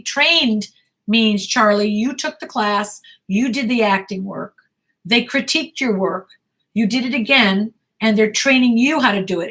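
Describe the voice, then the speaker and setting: Blunt, bright-voiced woman coach. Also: fairly high pitch. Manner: blunt, emphatic, repeats herself. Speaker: acting career coach. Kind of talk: live Q&A answering viewer questions.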